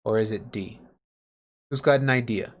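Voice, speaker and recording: A man's voice: medium pitch, normal speed. Male teacher, mid-range voice, patient and plain-spoken, teaching over a video call. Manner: patient, explains with everyday examples. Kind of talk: online class lesson.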